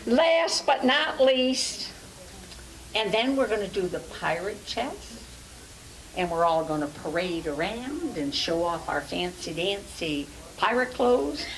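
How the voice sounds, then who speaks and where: A woman's voice: mid-range voice, sing-song, slow pace, rough recording. A woman acting as emcee at a club fun night, introducing acts in an informal, chatty way. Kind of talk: announcing acts. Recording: clicking background noise.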